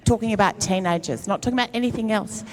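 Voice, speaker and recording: At a climate event, a middle-aged woman comedian gives a humorous talk, telling a self-mocking, funny story in a chatty way. Her mid-range voice moves fast.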